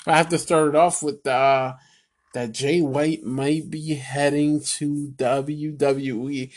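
Slow-talking excitable wrestling vlogger man. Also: mid-range voice. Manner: rambling, many fillers, addresses viewers as "people"; swings from excited to angry ranting, swearing. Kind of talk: casual solo wrestling rant.

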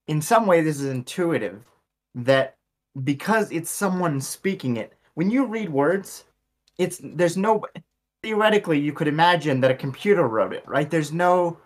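A man in casual conversation, reflective and thinking aloud as he explains an idea. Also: fairly high pitch.

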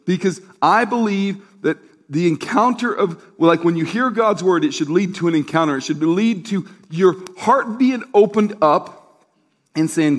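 A middle-aged male pastor preaching in an easy, conversational way, his voice sitting a little higher than most men's. He tells a story with quick asides and calls out to the congregation for answers. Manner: asks the crowd for responses. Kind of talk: sermon.

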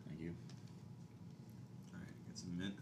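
A man's voice: sits low, level tone, a little slow, creaky, heavy background noise. A man co-hosting a podcast, talking casually and a bit impatiently, swearing offhand. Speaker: podcast co-host. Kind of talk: casual chat, ice cream tasting. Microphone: desk mic.

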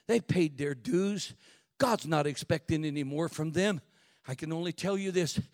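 A pastor preaching a sermon, shifting from quiet, reflective talk to loud, shouted exhortation. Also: male voice, sits high.

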